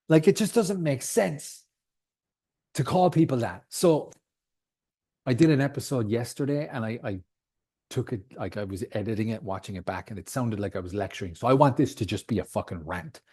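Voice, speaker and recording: Man, thirties, solo podcast rant, heated, swearing, mid-pitched voice. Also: lively intonation, normal speed, mellow, husky. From outside the United States. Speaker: podcast host.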